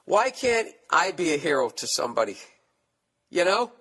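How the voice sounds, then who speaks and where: A man's voice: fairly high pitch, big pitch swings, normal speed, sharp tone, breathy edge. A man hosting a comedy podcast, reading listener letters aloud and riffing on them with profane, sarcastic asides. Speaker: podcast host.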